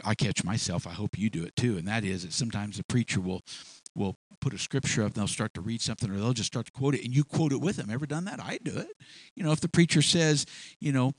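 A man's voice: fairly low pitch, no echo. Folksy male preacher, dry sound. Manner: folksy, repetitive, acts out voices for illustration. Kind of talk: sermon.

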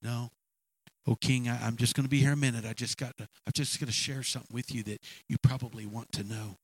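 A man preaching, voicing a calm, firm male prophet who speaks quietly and steadily. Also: medium pitch, fast talker, natural voice. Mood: hushed.

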